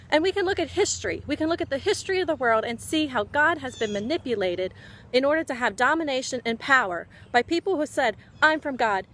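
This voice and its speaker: A woman's voice: sits high, a bit bright. A woman giving an impassioned talk to fellow Christians, scolding them with repeated rhetorical questions and urging them to act. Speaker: Christian speaker.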